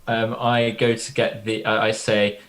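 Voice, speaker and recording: A man's voice: lowish voice, completely flat delivery, a little slow, fairly bright tone. A man speaking as a player in a tabletop game, matter-of-fact.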